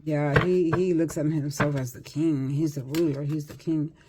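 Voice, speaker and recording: A woman's voice: sits low, fairly even intonation, moderate pace, very noisy. An older woman giving a casual, chatty psychic tarot reading, repeating herself and laughing often. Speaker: tarot reader.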